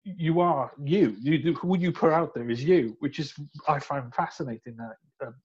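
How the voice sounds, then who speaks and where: Husky Welsh man hosting a podcast. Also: fairly high pitch, normal speed, darkish tone, lo-fi sound. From Wales. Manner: rambling, enthusiastic, frequent restarts. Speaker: podcast host, recruiter. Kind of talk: casual podcast chat.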